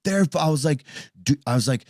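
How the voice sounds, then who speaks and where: Profane, animated man in his thirties. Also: a little high, brisk, dry recording, clean studio sound. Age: 30s. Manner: animated, profane, acts out quoted voices. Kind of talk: casual chat.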